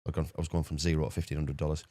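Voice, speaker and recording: Man, podcast guest; rapid, deep, flat storyteller. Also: no room sound. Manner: rapid, animated anecdote-telling with repeated words. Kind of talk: casual storytelling.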